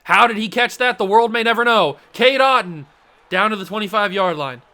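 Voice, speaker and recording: A young man runs a casual play-by-play of his own football video game. His voice sits high and bright, and it keeps tipping into excited outbursts and asides to himself between the calls. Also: brisk. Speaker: gaming channel host.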